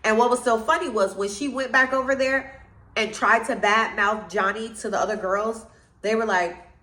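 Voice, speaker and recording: A woman giving a blunt, animated recap of a reality dating show, calling out the people she blames. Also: a little high, moderate pace. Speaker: reality TV reviewer. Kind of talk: opinionated recap commentary. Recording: roomy echo.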